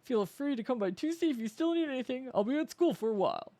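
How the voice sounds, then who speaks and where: A woman's voice: high-pitched, expressive, quick pace, warm tone, no echo, pitched above the performer's own voice. A woman reading as a friendly strapping schoolboy. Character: friendly strapping teenage boy, karate student.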